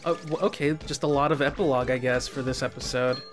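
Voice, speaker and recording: A man's voice: mid-range voice, fairly even intonation, fast talker. A man doing casual let's play commentary, reading game dialogue aloud with chatty asides, faint music behind. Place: his garage.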